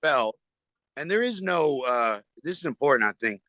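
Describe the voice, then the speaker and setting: A man who is a stand-up comedian, telling a long story in a podcast interview, rambling and halting with restarts. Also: medium pitch, sing-song, sharp tone, no room sound.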